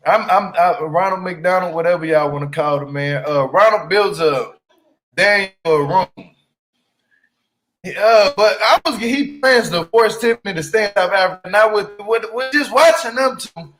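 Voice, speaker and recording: A man's voice: sits high, moderate pace, a bit bright, poor audio. A man giving casual reaction commentary on a reality show, blunt, profane and exasperated.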